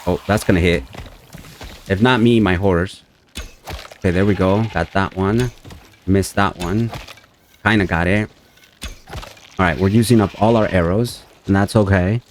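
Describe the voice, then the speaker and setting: A man giving chatty, casual commentary while playing a survival game, talking to his viewers and his horse with excitable outbursts. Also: sits low, unhurried, long pauses, slight background noise. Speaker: gameplay streamer. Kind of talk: casual let's-play commentary.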